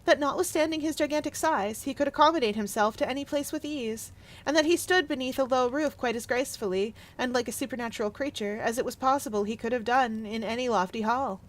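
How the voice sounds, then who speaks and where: A woman streamer reading a classic story aloud on a live stream and chatting excitedly with viewers. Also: a little high, fast.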